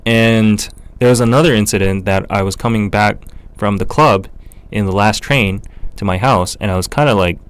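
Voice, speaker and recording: A man's voice: fairly low pitch, moderate pace, clear, resonant tone. Young korean guy w/ north american accent, casual livestream q&a host, chatty, lots of ums, clean voice. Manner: relaxed and chatty, with frequent fillers. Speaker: podcast host.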